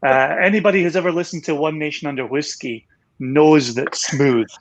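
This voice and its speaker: A man's voice: fairly high pitch, normal speed. A Scottish man with a transatlantic accent, a whisky company co-founder chatting enthusiastically on a video call, with plenty of fillers and self-deprecating asides. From Scotland. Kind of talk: casual livestream chat.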